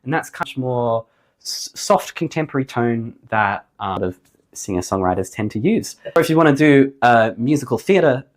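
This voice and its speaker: Slightly hoarse man teaching singing. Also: mid-range voice, animated, moderate pace. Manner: upbeat, jokey, emphatic on key points. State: slightly hoarse after flu. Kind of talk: vocal lesson to camera.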